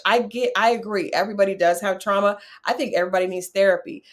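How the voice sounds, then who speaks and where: A woman's voice: mid-range voice, quick pace, few pauses. A woman hosting a casual reality-show recap, chatty and opinionated, talking straight to her viewers. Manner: chatty, opinionated, talks to viewers, animated asides. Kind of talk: casual chat.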